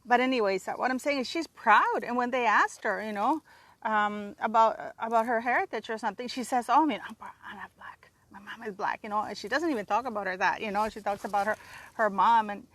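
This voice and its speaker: Woman, 40s, slightly high voice, talking loosely and casually to her viewers, dry close sound. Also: brisk, a bit bright, no room sound. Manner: chatty, rambling, frequent "you know" fillers. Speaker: channel host. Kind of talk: casual opinion commentary.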